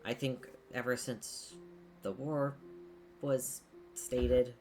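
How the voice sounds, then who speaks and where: A game master puts on a flustered young adventurer who rambles and trips over their words, starting sentences and dropping them. The voice sits at a middling pitch with faint music playing underneath. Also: fairly even intonation, a little mellow. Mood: worried. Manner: halting, full of fillers and restarts. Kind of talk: voicing a character in a tabletop game.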